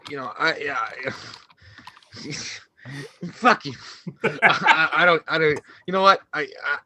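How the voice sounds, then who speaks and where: A man's voice: a little high, slow pace, bright, forceful tone, a little hiss or hum. A man co-hosting a casual movie podcast, ranting heatedly and profanely with lots of restarts. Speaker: co-host.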